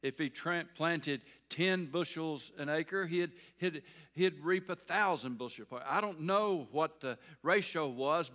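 A man's voice: fairly high pitch, unhurried, hardly any pauses, fairly bright tone. A man preaching a sermon as pastor, folksy and earnest, with repeated phrases and small restarts.

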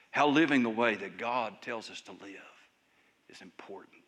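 A male pastor preaching a sermon in a church service, emphatic and raised at times, then dropping to soft, hushed lines. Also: medium pitch, normal speed.

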